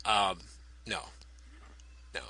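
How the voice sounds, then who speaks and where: Guy cohosting a podcast, dry humor, hesitant, very bright voice, dry sound. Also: very slow, no room sound, rough recording. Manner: wry, hesitant, lots of ums. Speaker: podcast co-host. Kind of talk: casual chat.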